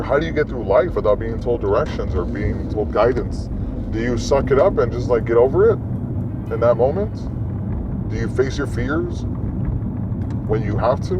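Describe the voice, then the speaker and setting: A man hosting a podcast alone, rambling casually and talking straight to his listeners. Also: medium pitch. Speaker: podcast host. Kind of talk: casual solo monologue. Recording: muffled lo-fi recording, faint noise.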